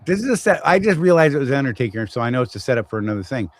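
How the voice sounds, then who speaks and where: A man's voice: medium pitch, very animated, very fast, poor audio. A man with a Southern accent hosting a casual live chat, rambling and teasing with jokes. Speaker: show host.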